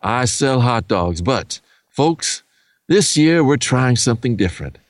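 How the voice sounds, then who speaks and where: A man playing a flustered, folksy hot dog salesman in an improvised comedy commercial, pitching to the folks at home and giggling. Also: very animated, measured pace, dry recording. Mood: salesy.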